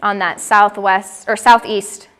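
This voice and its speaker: A woman's voice: medium pitch, flat delivery, slow pace, fairly bright tone, smooth. A woman giving a friendly, chatty talk on birds to a small audience, now and then imitating bird calls. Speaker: birding educator giving a gallery talk. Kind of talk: informal presentation to a small audience. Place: gallery room.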